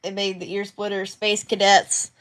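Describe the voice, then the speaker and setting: A woman's voice: medium pitch, little pitch movement, moderate pace. A young woman chatting casually to her viewers while working on a craft project, rambling with many fillers and restarts. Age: young adult. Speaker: crafting vlogger. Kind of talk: casual chat to camera.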